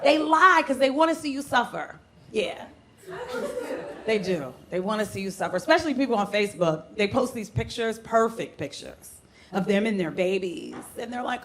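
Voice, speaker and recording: A woman from Brooklyn doing a loud, playful stand-up comedy set on a club stage. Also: medium pitch, lively intonation, moderate pace. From Brooklyn, New York. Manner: brash, loud and playful, slips into mocking voices.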